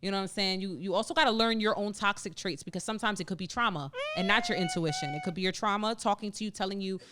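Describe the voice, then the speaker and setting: A woman co-hosting a casual podcast chat, telling stories in an animated, expressive way with relaxed slang. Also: mid-range voice, fast talker, very noisy. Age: adult with a young daughter. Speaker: podcast co-host.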